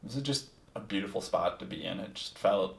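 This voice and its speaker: A man with a lowish, gravelly voice tells his own story on a podcast, candid and reflective, with casual swearing. The sound is roomy and a little distant, as if he sits back from the mic. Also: brisk. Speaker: podcast host. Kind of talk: casual first-person storytelling.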